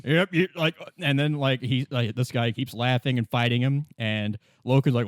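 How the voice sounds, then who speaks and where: Male podcast host, casual and rambling, laughs a lot, mid-pitched, dry sound. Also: no echo. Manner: rambling, laughing, acts out characters in quick voices. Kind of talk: casual retelling of a novel.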